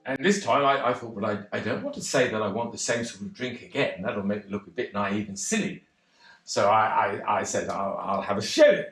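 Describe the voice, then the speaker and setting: A man's voice: on the low side, lively intonation, a little fast, a bit bright. An actor playing a bashful, rambling cocktail pianist in a one-man stage monologue, hesitant and self-deprecating. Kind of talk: theatrical monologue. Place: theatre stage. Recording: roomy theatre.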